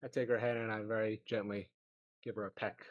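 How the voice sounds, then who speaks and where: A man playing a tabletop game who speaks in quick, offhand table talk. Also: fairly low pitch, flat delivery, dry recording, lo-fi sound. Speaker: player.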